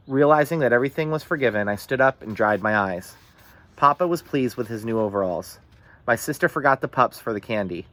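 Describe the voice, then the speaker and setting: A man reading a novel aloud in the first person, with steady, earnest storytelling. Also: medium pitch, a little fast. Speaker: audiobook reader.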